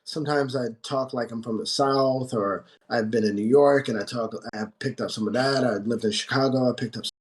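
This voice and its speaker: An American man guesting on a podcast speaks at an ordinary middle pitch. He is relaxed and candid about himself. Now and then he stalls, groping for a word. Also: a little fast, few pauses. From United States. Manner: relaxed, candid, searches for words. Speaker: guest tattoo artist. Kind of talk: casual podcast chat.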